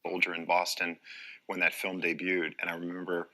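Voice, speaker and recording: A man interviewing a guest, asking a measured, reflective question. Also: sits low, completely flat delivery, pushed and bright.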